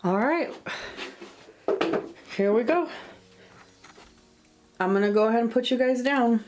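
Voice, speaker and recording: Young woman chatting away in a vlog, kinda high voice, lots of "like" and "um", music going in the background. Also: expressive, measured pace, a little mellow. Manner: chatty, rambling with fillers like "like" and "um". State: out of breath on a treadmill. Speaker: vlogger. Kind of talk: casual vlog update. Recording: music playing behind.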